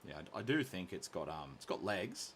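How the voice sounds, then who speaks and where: A man's voice: sits low, big pitch swings, a little fast, a little hiss or hum. A man hosting a live painting stream, joking and teasing in casual chat. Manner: playful, teasing, self-mocking. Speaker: stream host painting miniatures. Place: hobby shop office.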